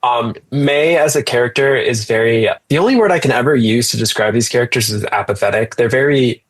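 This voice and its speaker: A man's voice: mid-range voice, a little fast. A man co-hosting a casual discussion, hesitant and restarting often as he checks his notes. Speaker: podcast co-host.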